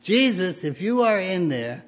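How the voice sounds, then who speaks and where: A man's voice: mid-range voice, sing-song, moderate pace, vocal fry, a little mellow, slightly rough, heavily acted. A man voicing a frightened little boy who pleads with his mother in a story told during a sermon. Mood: pleading. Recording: dull lo-fi recording.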